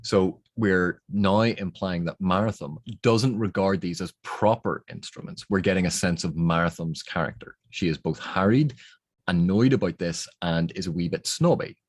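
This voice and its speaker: A man's voice: low-pitched, normal speed, no echo. A man explaining editing techniques on a novel's text, thinking aloud in a methodical way. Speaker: book reviewer.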